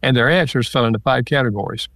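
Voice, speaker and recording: A man, an author and counselor, calmly explaining ideas with everyday examples in an interview. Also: mid-range voice, quick pace, gravelly, no echo, studio quality. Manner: calm, explanatory, gives examples. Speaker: author and marriage counselor guest. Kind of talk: interview conversation.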